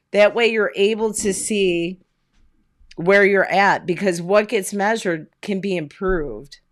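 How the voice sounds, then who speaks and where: A woman business coach giving a motivational online talk from home, energetic and conversational, firing off rhetorical questions. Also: lowish voice.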